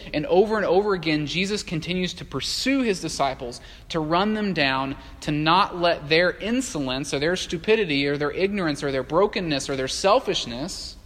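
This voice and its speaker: A male pastor preaching a sermon in a conversational, animated way, with frequent fillers and restarts. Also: on the high side. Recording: long hall reverb.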